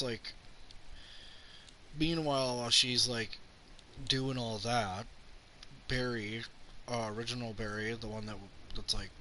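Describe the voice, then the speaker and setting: A man's voice: mid-range voice, bright, forceful tone, slight background noise. A young man ranting sarcastically about a film on his channel, swearing often and mocking characters' lines as he retells scenes. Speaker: channel host reviewing a film. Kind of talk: rambling profane movie rant.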